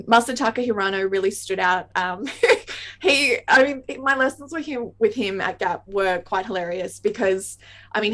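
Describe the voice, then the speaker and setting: A woman's voice: mid-range voice, a bit bright. An Australian woman in her thirties, a saxophonist guest chatting in an interview, talking in tumbling bursts and laughing often. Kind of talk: casual interview chat.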